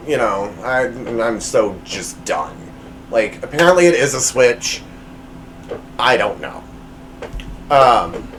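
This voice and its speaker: A man hosts his own podcast from home, rambling through a personal story in a self-deprecating way, full of fillers and restarts. His voice is medium-pitched, and the rough recording carries a little hiss or hum.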